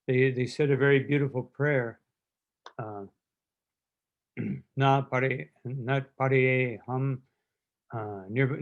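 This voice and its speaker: A man giving a devotional lecture, telling stories with quoted lines and often clearing his throat. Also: medium pitch. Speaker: spiritual teacher giving a lecture.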